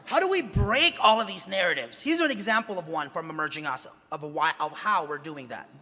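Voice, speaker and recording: A man's voice: fairly high pitch, lively intonation, a little fast. A man, a journalist, gives a talk to students in a large convention hall. He speaks emphatically and asks many rhetorical questions. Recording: echoey hall with long reverb.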